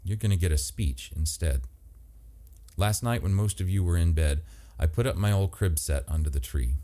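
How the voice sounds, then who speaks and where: A man voicing a plain-spoken, steady middle-aged woman who talks deliberately with little emotion. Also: sits low, natural voice. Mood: resolute.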